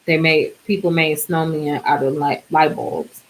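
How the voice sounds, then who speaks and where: A woman with a low, fairly even voice chats casually in a DIY vlog at a measured pace. She's exhausted and yawning, rambling and trailing off mid-thought, and the rough recording has slight background noise.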